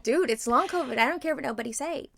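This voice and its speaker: A woman's voice: high voice, fast talker, creaky. A woman co-hosting a casual podcast chat, telling stories with lots of swearing and acting out what people said. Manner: animated, profane storytelling, acts out quotes. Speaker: podcast co-host.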